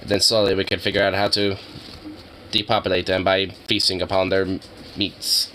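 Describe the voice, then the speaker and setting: A man voicing a scheming alien overlord in a flat, robotic monotone. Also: low voice, a little hiss or hum, poor audio. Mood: deadpan scheming. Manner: flat, deadpan, unhurried.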